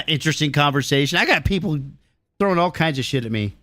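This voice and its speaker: A middle-aged man hosting a live game stream, arguing with his chat in a blunt, profane rant. His voice sits a little high and swings widely in pitch as he gets worked up. The sound is close and dry. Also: lively intonation, a little fast, a bit bright, dry recording. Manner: blunt, profane, riled-up ranting.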